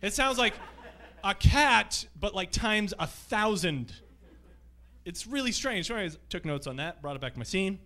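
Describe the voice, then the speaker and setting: A man's voice: high-pitched, lively intonation, normal speed, pushed and bright. A man performing a live stand-up set on a comedy club stage, telling loose, rambling stories full of profanity.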